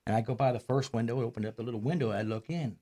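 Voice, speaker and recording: A man's voice: medium pitch, very fast, dark tone. A man telling rambling comic stories in a casual chat, sometimes mimicking other people's voices. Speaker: comedian guest.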